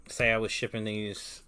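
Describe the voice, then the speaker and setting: A man chatting casually on a livestream while he sorts cards, rambling with many pauses and restarts. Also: on the low side, a bit bright. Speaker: card-business streamer.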